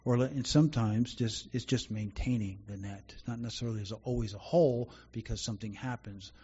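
A man preaches to his congregation in an earnest, conversational way, often circling back to restart a thought. His voice is dark and slightly husky, and the recording sounds dull and muffled. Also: medium pitch, quick pace. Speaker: pastor. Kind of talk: sermon.

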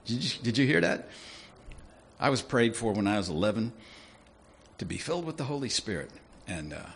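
A man preaching a sermon in a lively, conversational way, often asking his listeners questions. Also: mid-range voice, normal speed, vocal fry, slightly rough. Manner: animated, conversational, asks the audience questions.

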